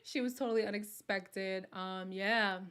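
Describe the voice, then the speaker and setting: She speaks unhurriedly in a steady, clean, somewhat bright mid-range voice. Hosting a casual live watch party for a reality show, she chats freely, reads out viewer comments, and lapses into whispers.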